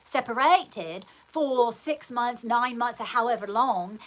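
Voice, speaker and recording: A woman's voice: on the high side, lively intonation, slow, low-quality recording. A middle-aged woman hosting her own show, telling a personal story in a rambling, emphatic way with many restarts. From United States. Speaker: host.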